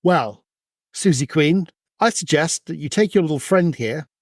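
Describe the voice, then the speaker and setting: A man's voice: fairly high pitch, expressive, measured pace, dry recording, studio quality, voice pushed up. A man voicing a burly, stern male security guard who speaks in brusque commands.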